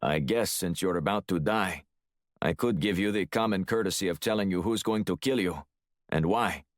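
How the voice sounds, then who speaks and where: Russian heavy, clipped Russian accent, menacing, taunting, put on by a male narrator, low voice. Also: moderate pace, dry recording, clean studio sound, lightly acted. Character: Russian male arms dealer, hulking, menacing.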